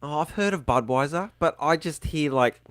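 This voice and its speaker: A man's voice: a little high, moderate pace, a bit bright, no room sound. A man from Australia with a broad Australian accent, a guest on a podcast, chatting casually in a laid-back, joking way. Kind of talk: casual chat.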